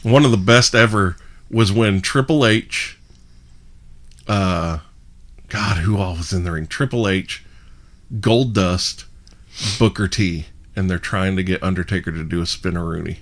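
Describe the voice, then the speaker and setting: A man hosting a podcast, chatting casually and retelling stories in an animated way. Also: low-pitched, measured pace, pauses often. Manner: animated, retells clips with acted quotes and laughs. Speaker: podcast host. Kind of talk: casual chat.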